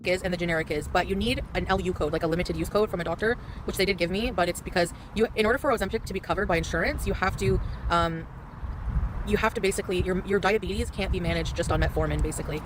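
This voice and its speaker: A woman's voice: fairly low pitch, quick pace. A woman livestreaming outdoors on a scooter, rambling and complaining that she feels nauseous, with many restarts. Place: outdoors on city streets, riding a scooter. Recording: clip with loud street noise.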